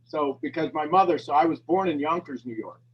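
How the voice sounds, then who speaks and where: A man's voice: a little high, a little fast, breathy edge, dull audio. A man hosting a morning call, talking in a rambling, emotional and affectionate way. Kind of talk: casual heartfelt chat.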